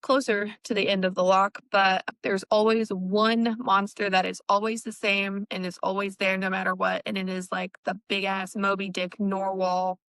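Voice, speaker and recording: Woman, book podcast co-host, chatty recap, smooth clear voice, dry close sound. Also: medium pitch, little pitch movement, normal speed, hardly any pauses, a bit bright, no echo, low-quality recording. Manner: chatty recapping with laughs and fillers. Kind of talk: casual book discussion.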